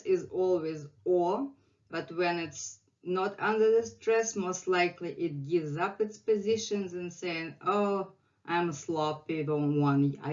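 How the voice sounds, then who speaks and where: A woman with a Russian accent leads an alphabet lesson, drilling each sound again and again. She speaks slowly, in a slightly low voice. The recording sounds somewhat muffled. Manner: patient, repeats each sound many times. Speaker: Russian language teacher.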